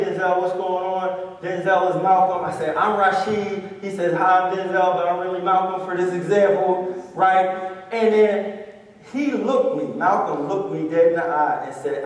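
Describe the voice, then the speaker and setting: A man, giving a lively storytelling talk with call-and-response to a student audience. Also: sits high. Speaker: motivational speaker. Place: large hall with audience. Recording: echoey hall recorded from far off.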